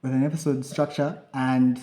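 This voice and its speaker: A man's voice: medium pitch, normal speed. A young man co-hosting a podcast, telling a story in casual chat and acting out the lines of himself and others. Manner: animated, acts out quotes of himself and others. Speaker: podcast co-host. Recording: echoey room.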